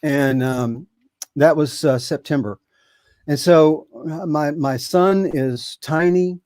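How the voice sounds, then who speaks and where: A man in his seventies, a podcast guest telling a long story in a rambling, halting way with many fillers. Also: a little high, darkish tone, no room sound. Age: 70s. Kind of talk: casual storytelling.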